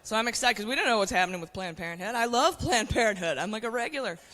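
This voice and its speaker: A woman's voice: fairly high pitch, expressive, racing, in a large hall. A woman in her forties performing a stand-up comedy set, brash and conspiratorial, talking straight to the crowd on a club stage with a handheld mic. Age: 40s.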